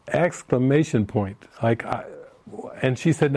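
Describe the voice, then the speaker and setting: Male spiritual teacher, mellow tone, storytelling retreat talk, acts out the people he quotes. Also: mid-range voice, unhurried, slightly rough. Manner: answers written questions from participants.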